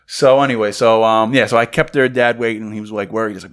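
A man, co-hosting a podcast, telling a story in animated fashion and acting out what others said. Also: on the low side, fast talker, clear, resonant tone. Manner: animated storytelling, acts out quotes. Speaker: podcast co-host. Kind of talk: casual chat.

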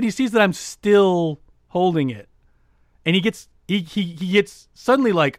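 A man co-hosting a podcast, telling a story in casual chat with many restarts, getting loud and lively as he retells it. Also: high-pitched, moderate pace, dry recording, clean studio sound. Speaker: podcast co-host.

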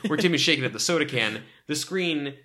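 A man's voice: fairly high pitch, lively intonation, brisk, sharp tone. A man co-hosting a podcast, casually recapping a sitcom episode and riffing with jokes as he acts out scenes. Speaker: podcast co-host.

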